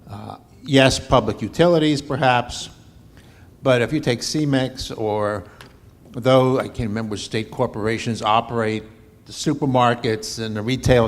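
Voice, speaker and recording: A man in a conference audience asking a question in a conversational, thinking-aloud way. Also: medium pitch.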